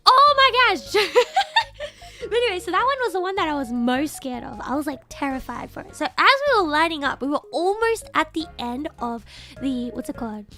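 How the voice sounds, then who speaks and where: Very high, bright young woman storyteller. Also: normal speed, soft background music. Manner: animated storytelling, bursts into excited shouts. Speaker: streamer. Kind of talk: casual chat.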